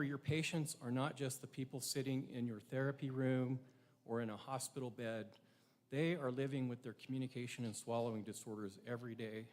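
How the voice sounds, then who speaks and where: Speaking at a ceremony from a prepared text, this middle-aged man has a mid-range, slightly mellow voice. His tone is earnest and thoughtful, and he poses rhetorical questions to the listeners.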